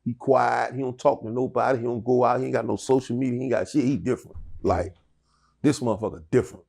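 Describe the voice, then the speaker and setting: A man's voice: mid-range voice, steady tone, fast talker, gravelly, darkish tone. A middle-aged man telling his life story in an interview, profane and rambling with many restarts. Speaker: interview guest.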